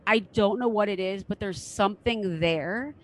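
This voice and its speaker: A woman's voice: mid-range voice, moderate pace, low-quality recording. Frank, enthusiastic woman host. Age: middle-aged. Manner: enthusiastic, frank, swears casually. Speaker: podcast host. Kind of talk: casual interview chat.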